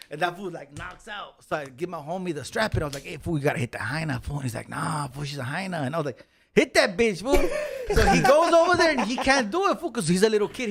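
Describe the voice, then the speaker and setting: A man's voice: high voice, a little hiss or hum. A man, telling a long story in casual, slangy talk with lots of swearing, and acting out the other people in it. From Los Angeles County. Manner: slangy, swearing, animated when acting out quotes. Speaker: podcast guest.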